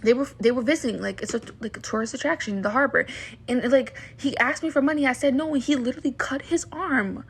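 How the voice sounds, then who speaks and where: A young woman vents heatedly into the camera, indignant and rambling, with plenty of fillers and restarts. Her voice sits a little high, with a husky, breathy edge and a gravelly fry at the ends of phrases. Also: fast talker. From Baltimore area, USA. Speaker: vlogger. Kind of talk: casual rant to camera.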